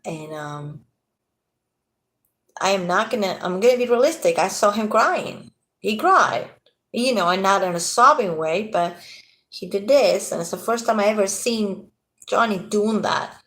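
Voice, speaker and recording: A woman's voice: on the low side, vocal fry, fairly bright tone. Tired, agitated woman ranting. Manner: agitated, rambling, swears freely. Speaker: vlogger. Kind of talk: casual rant to camera.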